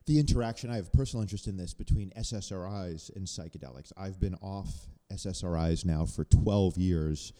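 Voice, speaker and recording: A man's voice: low-pitched, a little fast, few pauses, warm tone, long reverb tail. A man in a casual podcast chat, analytical, explaining research findings at length.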